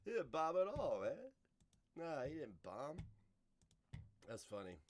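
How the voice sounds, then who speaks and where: A man streaming, giving casual reaction commentary in a loose, animated way and swearing freely. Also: a little high, slow.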